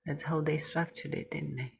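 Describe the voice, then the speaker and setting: A woman with a very low, gravelly voice explains her care work plainly in casual conversation, often answering with short agreements. Faint background noise sits behind her. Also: fairly even intonation, moderate pace. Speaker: care worker. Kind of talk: casual chat.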